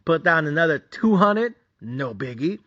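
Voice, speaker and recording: A man's voice: on the high side, sing-song, unhurried, a bit bright. Mexican accent guy hosting a betting recap, cussing and ranting, kinda lo-fi muffled audio. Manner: profane, heated ranting. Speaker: sports betting host.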